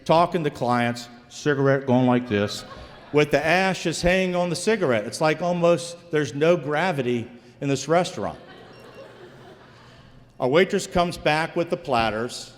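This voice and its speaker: A man's voice: fairly high pitch, expressive, a little slow, long reverb tail. A man from Virginia, a former investigator, telling a true story live on stage in a folksy way, calling the audience folks.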